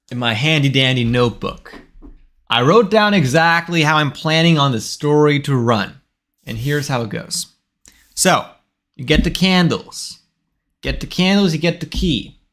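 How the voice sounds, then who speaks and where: A young man in his twenties chats his way through a live coding stream, thinking aloud and restarting his sentences as he goes. His voice sits a little high for a man, and his talk is loose and rambling. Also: a bit bright. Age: 20s. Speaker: game developer streaming his work.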